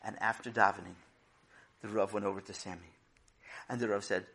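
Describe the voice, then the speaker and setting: A man narrating a humorous story in a lively, expressive, conversational way. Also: fairly low pitch, brisk, vocal fry, long pauses, husky.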